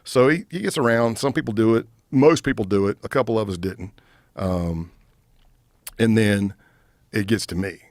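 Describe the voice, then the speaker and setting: A retired undercover agent in his fifties, appearing as a podcast guest, tells a story at a moderate pace with a storyteller's lively energy, acting out other people's lines as he goes. His low voice is dry and close-miked, with no room sound.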